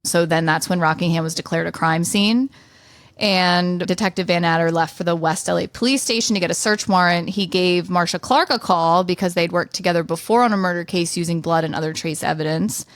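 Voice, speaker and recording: Podcast co-host, female, low-pitched, dry close mic, relaxed storyteller. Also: a little fast, no room sound. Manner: storytelling, reading events in order. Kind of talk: casual true-crime podcast narration.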